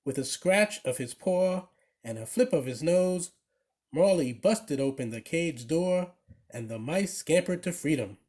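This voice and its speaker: A man reads a children's picture book aloud in an expressive, animated storyteller's voice. His pitch rides a little high and swings widely from line to line. He takes an unhurried pace. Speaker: storybook reader.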